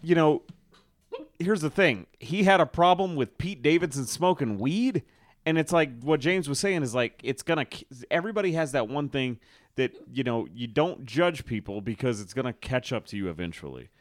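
A man's voice: medium pitch, animated, normal speed, dry recording, clean studio sound. A man hosting a podcast in casual chat, rambling and swearing with frequent restarts. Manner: rambling, profane, many restarts. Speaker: podcast host.

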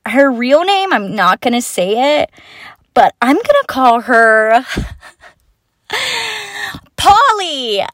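A young woman hosts her own podcast and tells stories from her student days in an unscripted, chatty ramble. She swears freely, laughs at herself and breaks off into quick asides. The sound is dry and close, with almost no room echo. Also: high-pitched. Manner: chatty, swearing, self-mocking, lively asides. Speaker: podcast host. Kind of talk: unscripted storytelling monologue.

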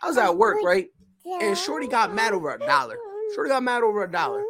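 Young male podcast co-host, lively pitch, animated storyteller. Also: fast talker. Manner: animated storyteller, acts out dialogue. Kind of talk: casual chat.

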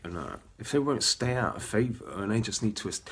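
A man's voice: on the low side, animated, a little fast, slightly rough. A man, giving a rambling, ranting webcast monologue full of filler runs and chuckles. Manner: chuckles between phrases. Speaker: webcast host.

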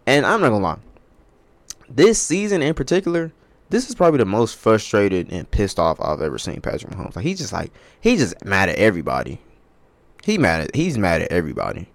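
A man's voice: fairly low pitch, very animated, fairly quick, no room sound. A young man hosting a sports podcast, ranting in a casual, profane, rambling way.

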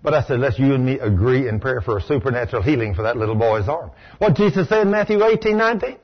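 A man preaching a sermon to a live audience, telling folksy stories and dropping into a low hushed voice for quoted lines. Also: lively intonation, quick pace, lo-fi sound. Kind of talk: sermon with storytelling.

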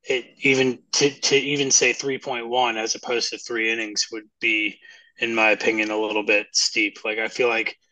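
A man co-hosting a sports podcast, giving measured opinions in casual chat. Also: mid-range voice, level tone, sharp tone, dry recording, low-quality recording. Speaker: podcast co-host.

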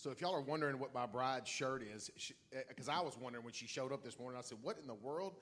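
A middle-aged pastor tells his church a story with excitement, laughing as he swings between quiet asides and loud shouts. His voice is medium-pitched and he talks fast.

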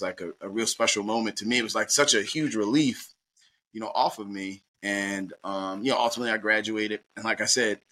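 A middle-aged man from Baltimore, a guest telling a personal story in a lively, anecdotal way, acting out the dialogue. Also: fairly low pitch. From Baltimore, USA.

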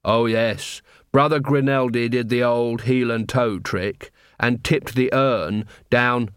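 A man voicing a mournful, nervous male clown who speaks slowly and mumbles. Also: medium pitch, steady tone, smooth, no room sound, clean studio sound, lightly acted. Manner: slow and mumbling.

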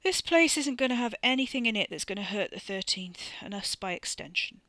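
A man's voice: high-pitched, fairly even intonation, normal speed, gravelly, sharp tone, no echo, full character voice. Woman playing a stoned, drowsy drawling man. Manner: slurred, lazy, irritable drawl.

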